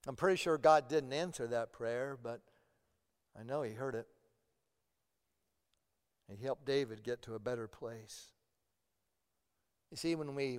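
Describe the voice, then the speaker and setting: A man's voice: a little high, clear, resonant tone. A man preaching a sermon as pastor, earnest and often repeating words as he presses a point. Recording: long hall reverb.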